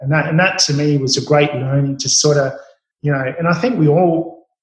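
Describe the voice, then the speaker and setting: A middle-aged man, a chef, telling stories in an interview with a relaxed, rambling manner full of fillers and restarts. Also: fairly high pitch, a little fast. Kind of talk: storytelling interview answers. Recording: roomy echo.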